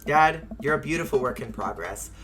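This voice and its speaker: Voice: medium pitch, lively intonation, normal speed, a bit bright, soft background music, lightly acted. A streamer voicing a teasing, sarcastic teenage daughter, perky in tone.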